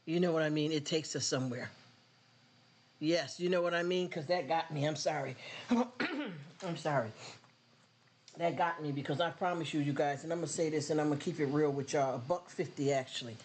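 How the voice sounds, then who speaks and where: Speaking quickly in a fairly high, steady voice, this earnest streamer preaches straight to his audience while faint background noise lingers. His emotion shows as he chokes up in a relaxed faith chat with his live viewers.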